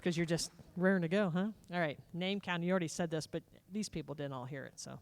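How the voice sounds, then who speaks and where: A woman's voice: on the low side, fast talker. A woman emceeing a live state fair event on a corded handheld mic, folksy and enthusiastic. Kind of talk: live stage hosting. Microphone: corded handheld microphone.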